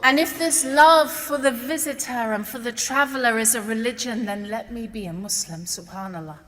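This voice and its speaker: A British woman from England giving an earnest, emotional testimony to an audience, moving between hushed words and emphatic declarations. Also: on the high side, moderate pace, big-room sound. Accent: British English.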